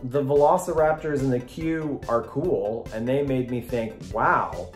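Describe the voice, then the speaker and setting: Brief: man, mid pitch, self-mocking vlog host, roomy echo. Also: unhurried, soft background music. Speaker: theme park vlogger. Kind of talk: casual group chat.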